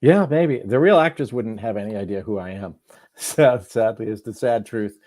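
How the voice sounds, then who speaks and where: Low, mellow, self-deprecating male guest. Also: moderate pace. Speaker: guest author. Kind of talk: conversational interview.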